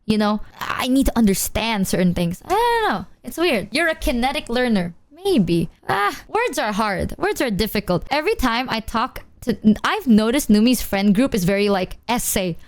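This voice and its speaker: A woman streaming, talking loosely and frankly to her chat in a fairly high voice. She rambles from thought to thought and swears without a second thought. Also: very animated, moderate pace, hardly any pauses. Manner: candid, rambling, frequent swearing. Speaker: VTuber streamer. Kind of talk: casual chat to stream viewers.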